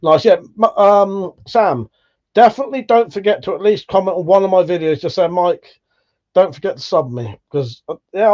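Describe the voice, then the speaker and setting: A man's voice: high voice, moderate pace, darkish tone, muffled recording. A British man hosting a casual livestream, chatting and reading out viewer comments in a laid-back, swearing, chuckling way. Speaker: livestream host.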